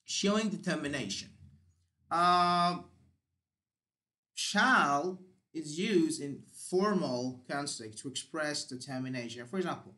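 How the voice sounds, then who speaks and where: A man's voice: fairly high pitch, unhurried, pushed and bright. A man teaching English grammar, explaining step by step with examples and the odd "uh".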